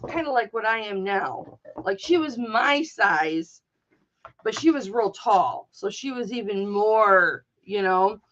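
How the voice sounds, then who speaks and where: A woman's voice: on the high side, muffled recording. A woman in her forties hosting a livestream, telling a heated personal story in a blunt, swearing, casual way. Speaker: livestream host.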